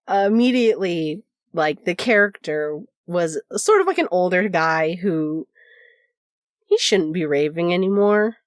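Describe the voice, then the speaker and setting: A woman on a podcast tells a long anecdote in casual chat, slipping into the voices of the people she quotes and laughing along the way. Her voice sits on the low side for a woman. The recording is dry and close, with no room sound. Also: normal speed, dry recording. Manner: animated, acts out quoted voices, laughs often. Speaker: podcast co-host.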